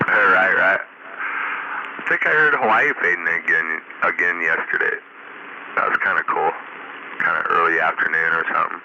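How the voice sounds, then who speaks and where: A man with a very deep voice chats in a relaxed, folksy manner over ham radio. The signal is muffled and lo-fi, with a clear bed of static behind him. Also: normal speed, pauses often. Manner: easygoing, folksy. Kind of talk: casual radio chat.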